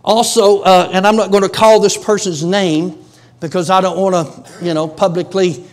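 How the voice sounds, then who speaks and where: A man's voice: sits high, fairly even intonation, normal speed. A middle-aged man, preaching in a folksy, emphatic storytelling way.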